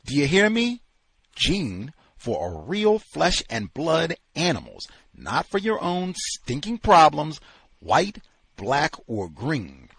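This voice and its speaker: A man voicing a furious, gruff male kennel owner who rants against everyone, read aloud from a novel. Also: mid-range voice, huge pitch swings, slow pace, dry recording, heavily acted. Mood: angry. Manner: shouting, ranting.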